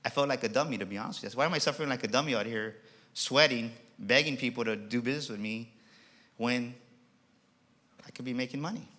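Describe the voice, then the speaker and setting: A man's voice: medium pitch, fast talker, pushed and bright. A middle-aged man giving a passionate motivational keynote as emcee, telling a personal story with emphasis. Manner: passionate, emphatic, acts out quoted voices. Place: auditorium stage.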